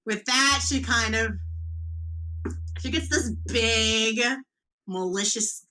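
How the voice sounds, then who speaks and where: Woman game master, bright tone, slow and easy, giggly tabletop narration. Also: on the high side, poor audio. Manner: giggly, loose and chatty.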